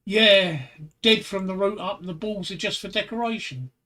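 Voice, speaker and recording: Joke mother, calm and smiling, voiced by a man. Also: sits high, normal speed, very noisy, close to an everyday voice. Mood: amused. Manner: smiling, matter-of-fact joke delivery. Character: mother answering her daughter.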